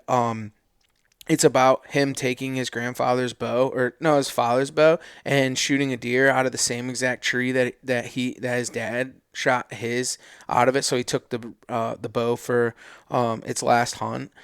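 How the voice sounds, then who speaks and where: A man co-hosting a podcast, telling stories in casual, slangy chat with loose, animated energy. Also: medium pitch, unhurried, clean tone, no echo, studio quality. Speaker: podcast co-host.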